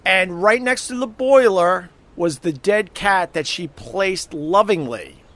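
A man's voice: high-pitched, slow. A man telling a story in casual chat, animatedly acting out the people in it. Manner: animated storyteller who acts out quotes loudly. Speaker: storyteller recounting an old roommate story.

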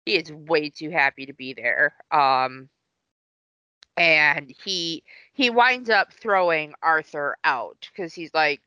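A woman's voice: low voice, slow pace, sharp tone, clear, resonant tone, no room sound, muffled recording. A woman co-hosting a podcast, casually retelling a movie plot with rambling asides and many fillers. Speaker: podcast co-host. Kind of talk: casual film recap.

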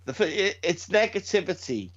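A middle-aged man, chatting casually as a podcast co-host and telling stories in an animated, sweary way. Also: high voice, normal speed. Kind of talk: casual chat. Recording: dull lo-fi sound.

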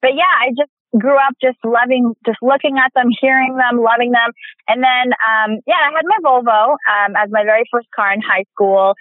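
A woman in her thirties, a podcast guest chatting in an animated way, often laughing and acting out quotes. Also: on the high side, moderate pace, no room sound. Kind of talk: casual interview chat. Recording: tinny phone line.

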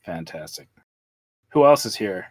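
A man's voice: low-pitched, expressive, a little slow. A man hosting a casual podcast, laid-back and meandering, chuckling between lines. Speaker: podcast host.

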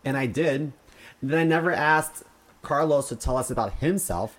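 A man's voice: mid-range voice, moderate pace, a bit bright. A young man co-hosting a comedy podcast, teasing his partner in playful casual chat. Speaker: podcast co-host.

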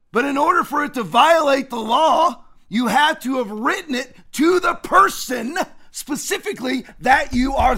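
A middle-aged man rants through his commentary with mounting indignation, often breaking into shouts. His voice sits very high with a gravelly edge, and it has a bright, sharp tone. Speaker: commentary show host. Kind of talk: fired-up political commentary.

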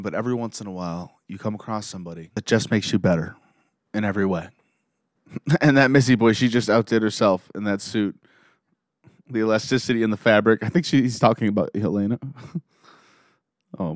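A young man casually recapping a TV episode, reading the scenes aloud and breaking in with emotional, excited asides. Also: fairly low pitch, dry recording, studio quality. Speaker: show recapper.

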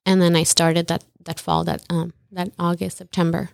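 A woman's voice: on the low side, little pitch movement, moderate pace, creaky, darkish tone, no room sound, studio quality. A young woman as an interview guest, telling her story casually and often acting out quotes with lots of "like". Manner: chatty, often says "like" and acts out quotes.

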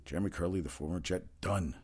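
A sports talk host with a low, darkish voice talks fast through a casual solo rundown of sports news. He rambles, offers strong opinions, and fills his speech with fillers and restarts.

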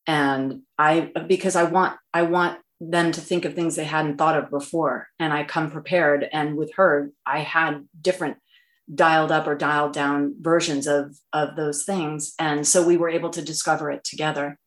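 Low-voiced woman, earnest and halting. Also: flat delivery. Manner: earnest, halting, many fillers and restarts. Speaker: voice actress answering fan questions. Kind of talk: reflective interview answers. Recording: roomy echo.

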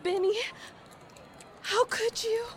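A woman voicing a passionate, indignant female marmot activist in an audio story, speaking in a shrill, distraught way. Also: sing-song, a little slow, background noise, exaggerated voice.

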